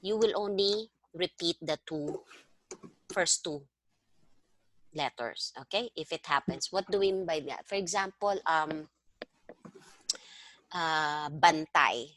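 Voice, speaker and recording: A woman's voice: low-pitched, slow pace, long pauses, fairly bright tone, no echo. A woman teaching a one-on-one language lesson over a video call, patiently explaining step by step and prompting her student. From Philippines. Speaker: language tutor.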